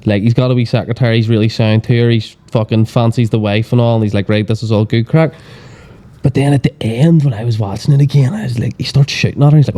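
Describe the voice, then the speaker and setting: A man's voice: mid-range voice, fast, warm tone. A man chatting casually on a podcast, telling rambling, sweary stories full of fillers. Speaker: podcast guest. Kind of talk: casual chat.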